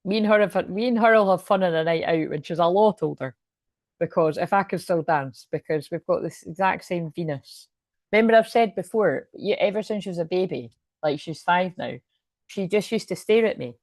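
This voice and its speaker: A woman's voice: fairly low pitch, normal speed, a little mellow, no echo, studio quality. A young woman giving a casual, rambling oracle card reading, laughing often and swearing casually. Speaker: spiritual reader and coach.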